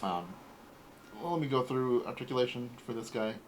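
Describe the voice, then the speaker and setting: A man in his forties hosting a casual toy unboxing, talking in a relaxed, rambling way. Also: mid-range voice, normal speed, slight background noise, low-quality recording. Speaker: toy collector host.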